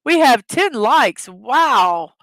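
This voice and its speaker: A woman's voice: sits high, big pitch swings, very slow, fairly bright tone, no room sound. Giggly woman hosting a livestream. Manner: giggly, reads chat jokes aloud. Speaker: livestream host. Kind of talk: casual livestream chat.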